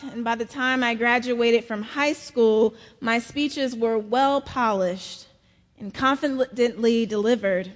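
A middle-aged woman from South Carolina, preaching a sermon in a slow storytelling manner. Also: high voice, long reverb tail. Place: large church.

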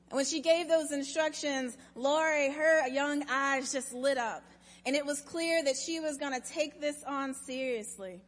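A woman pastor giving a sermon, telling a story in a measured, expressive way, in a church sanctuary. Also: high-pitched, big-room sound.

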